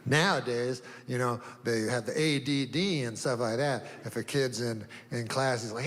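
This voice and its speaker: An older man doing a deadpan stand-up set, rambling through long setups with drawn-out pauses and sudden asides. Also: medium pitch, long reverb tail. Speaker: stand-up comedian.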